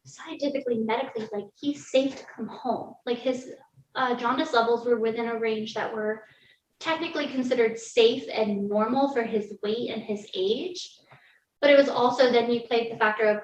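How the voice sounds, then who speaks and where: A woman's voice: fairly high pitch, moderate pace. Candid woman telling a personal story. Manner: candid, lots of "like", laughs through hard moments. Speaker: podcast guest. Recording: roomy, distant, dull sound with faint ambience.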